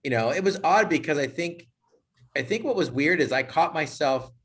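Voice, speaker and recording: Man, podcast co-host, husky voice, lively swooping pitch, animated storyteller. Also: normal speed. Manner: animated storyteller, acts out quotes. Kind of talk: casual group chat.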